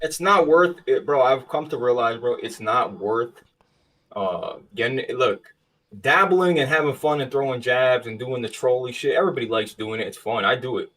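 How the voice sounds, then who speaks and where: A man's voice: medium pitch, normal speed, a bit bright, far from the mic. A man hosting a casual gaming podcast, talking bluntly and emphatically with plenty of swearing. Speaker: podcast host.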